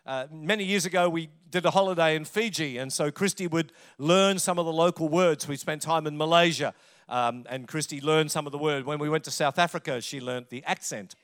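This pastor, a middle-aged man with an Australian accent, talks fairly quickly in a high-leaning, somewhat bright, clean voice. His sermon is conversational, full of stories and jokes told in a chatty way.

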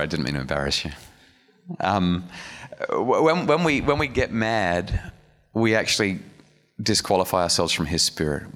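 Mężczyzna o głębokim głosie wygłasza kazanie, pogłos dużej sali. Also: male voice, low-pitched, fairly bright tone. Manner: earnest, conversational, with restarts and audience asides. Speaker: speaker giving a church message. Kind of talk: sermon. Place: church hall. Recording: long reverb of a hall.

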